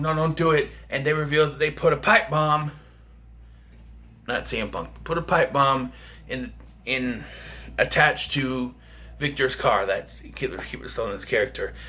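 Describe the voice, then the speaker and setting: A man's voice: mid-range voice, bright, forceful tone. A man casually reviewing a film for a vlog, rambling and chatty with lots of fillers and restarts. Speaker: movie reviewer.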